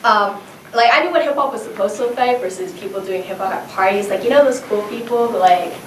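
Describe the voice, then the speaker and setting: A woman's voice: mid-range voice, fast talker. Woman storyteller on stage, chatty and self-mocking; roomy, distant recording with noise underneath. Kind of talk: live comedic storytelling. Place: stage before a live audience. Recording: echoey and distant, noisy.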